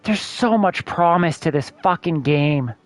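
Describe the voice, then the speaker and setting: Streamer guy, high voice, swears constantly, frustrated rant into a desk mic. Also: expressive, unhurried, soft background music. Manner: profane, exasperated ranting. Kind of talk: casual game-stream rant.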